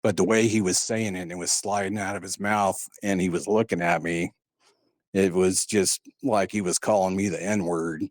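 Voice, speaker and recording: A man's voice: low voice, fairly even intonation, moderate pace, dry recording, studio quality. A man telling a personal story in a casual, rambling way, full of "uh" and "and, uh". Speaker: guest recounting a paranormal experience.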